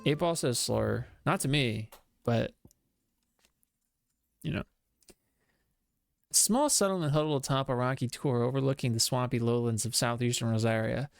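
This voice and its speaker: A man's voice: mid-range voice, moderate pace, gravelly, pauses often, no echo, studio quality. A man streaming a game, joking with chat and reading game text aloud. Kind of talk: casual game streaming commentary.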